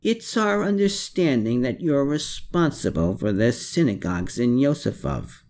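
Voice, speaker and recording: A man's voice: medium pitch, animated, measured pace, gravelly, a little mellow, voice pushed up. A man reading an audiobook, voicing a male investigator who presses a suspect with pointed questions. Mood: probing. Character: persistent male police investigator.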